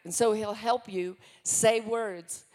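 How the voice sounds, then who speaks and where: A woman's voice: medium pitch, fairly even intonation, takes it slowly, darkish tone, big-room sound. An older woman giving a testimony and praying fervently, speaking from a church stage. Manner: fervent, declaring prayer. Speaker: pastor's wife. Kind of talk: testimony and prayer.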